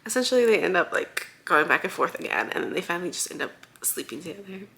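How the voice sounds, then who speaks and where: A young woman vlogger casually recapping a book series, chatty and giggly, full of excited asides and many fillers. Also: lowish voice, quick pace, slight background noise.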